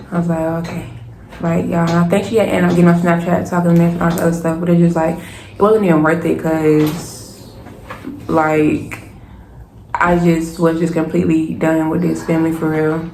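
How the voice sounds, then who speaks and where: A young woman, telling a personal story to her viewers in a lively, casual way and calling them y'all. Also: low-pitched, creaky. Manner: animated, keeps addressing viewers as y'all. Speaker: storytime vlogger. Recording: echoey room with faint hiss.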